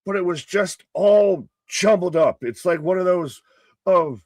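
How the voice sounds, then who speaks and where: Joking, cussing man with a higher pitch. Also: unhurried, darkish tone, dry recording. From United States. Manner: joking, profane, loose analogies. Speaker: co-host. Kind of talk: casual live reaction chat.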